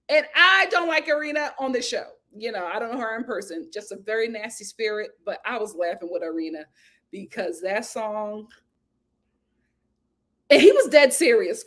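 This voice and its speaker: A woman hosts a casual, gossipy recap of a reality show, her voice a little high. She is animated, laughs often, and acts out what people said.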